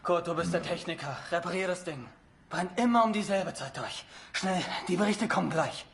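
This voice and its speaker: A gravelly, brisk German soldier. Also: male voice, high voice, a bit bright, slight background noise. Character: German soldier at a radio post, brisk and impatient.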